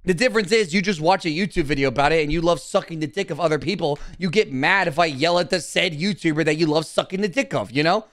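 A man's voice: on the high side, quick pace, few pauses, a bit bright, no room sound, clean studio sound. A young man streaming casually, talking to his chat in a brash, profane, defensive way.

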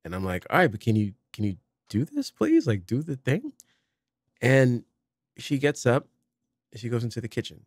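A middle-aged podcast host tells a family story in casual conversation, animatedly acting out the dialogue. His voice is mid-range at a moderate pace, captured in a dry, clean studio recording.

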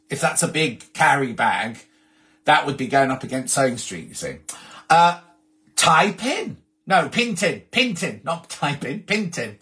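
A man's voice: medium pitch, a bit bright. A man hosting a casual live stream, reading out viewer messages in a chatty, rambling way and often breaking off mid-sentence. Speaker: host.

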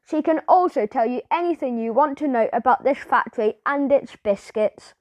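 A woman's voice: high voice, normal speed, darkish tone, no echo, lightly acted. A woman reading the part of a stern, formal female factory tour guide.

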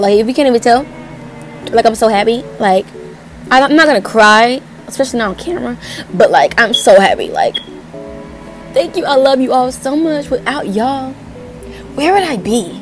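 A young woman vlogging to camera in a chatty, excitable way, gushing and rambling as she says "like" a lot. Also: a little high. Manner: excitable and gushing, leans heavily on "like"; chatty, rambling and self-correcting. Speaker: YouTuber. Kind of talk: casual vlog to camera.

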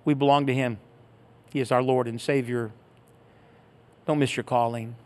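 A man's voice: medium pitch, fairly even intonation, moderate pace, a little mellow. A middle-aged man pastor telling a story in a sermon, acting out the voices he quotes, then leading a prayer.

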